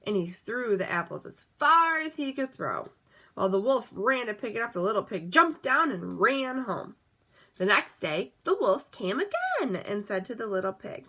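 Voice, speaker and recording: A woman reading a picture book aloud in a lively, expressive way, dropping softly on the asides. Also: mid-range voice, moderate pace, slightly rough. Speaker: storyteller. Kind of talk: storybook read-aloud.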